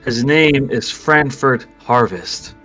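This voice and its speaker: Man putting on a smug playful villain, calm taunting tone, theatrical, faint music behind. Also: medium pitch, slow pace, low-quality recording. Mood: storytelling.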